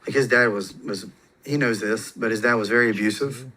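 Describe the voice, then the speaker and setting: A man's voice: on the low side, fairly quick, sharp tone. A man telling personal stories as a podcast guest in a casual, rambling way, with fillers and restarts. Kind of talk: casual storytelling.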